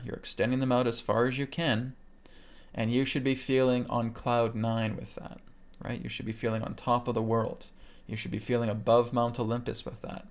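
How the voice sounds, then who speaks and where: A man instructor leading a live webcast lesson, calmly talking listeners through breathing steps and checking in with "okay?" after each point. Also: mid-range voice. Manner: calm guiding delivery, keeps checking in with "okay?". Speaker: meditation instructor. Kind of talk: live webcast teaching a healing technique.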